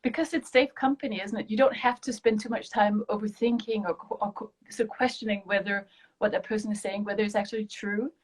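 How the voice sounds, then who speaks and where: A woman's voice: medium pitch, fairly even intonation, a little fast. A woman from Denmark, hosting a casual online interview over a video call and giving lots of encouraging agreement. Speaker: host.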